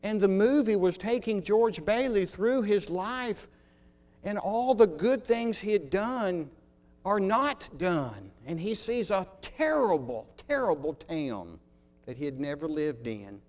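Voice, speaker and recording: A man preaching a sermon to his congregation, telling stories and slowing down on key words, often dropping to a quiet voice. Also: sits high, expressive. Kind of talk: sermon with illustrations.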